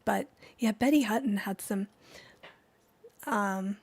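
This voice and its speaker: A woman's voice: mid-range voice, slow pace, breathy edge, no room sound. A woman hosting a live music stream, chatting in a rambling way between songs and laughing often. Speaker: livestream singer and host. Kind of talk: casual chat with chat viewers between songs. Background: music playing.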